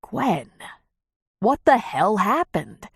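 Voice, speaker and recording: A woman's voice: mid-range voice, big pitch swings, extremely slow, vocal fry, husky, no echo, clean studio sound, heavily acted. A woman reading an audiobook, voicing a stern male doctor who speaks in clipped, firm sentences. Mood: defensive.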